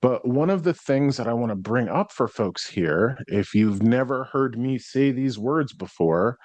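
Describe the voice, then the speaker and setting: American man, solo podcast host, explanatory, clears throat, mid pitch, dry sound. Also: animated, a little slow, darkish tone, no echo. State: worn out after burnout. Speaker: podcast host and psychic medium.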